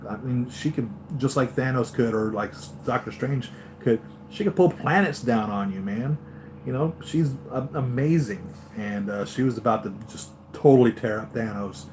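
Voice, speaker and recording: A man hosts a live stream for his toy-collector channel, chatting excitedly, wandering off on tangents, and filling his talk with fillers and restarts. He speaks at medium pitch and moderate pace, with a little hiss or hum in the audio.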